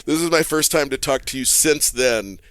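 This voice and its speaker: A man's voice: medium pitch, normal speed, clean tone, dry recording. Guy in his 40s, laughs a lot mid story, dry close mic, regular mid voice. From Texas. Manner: animated storyteller, laughs while telling. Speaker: guest, therapist. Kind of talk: casual podcast chat.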